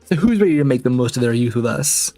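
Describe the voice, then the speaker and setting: A man's voice: mid-range voice, expressive, fast, dark tone, no room sound, soft background music, natural voice. A man voicing a zealous young female lacrosse player from a video game, stretching out her words for rousing emphasis.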